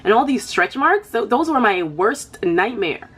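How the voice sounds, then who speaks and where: A woman's voice: a little high, sing-song, a little slow, a bit bright, slightly rough. A young woman talking frankly and casually to camera about her own life, leaning on "like" and "you know". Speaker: vlogger. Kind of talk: candid personal chat.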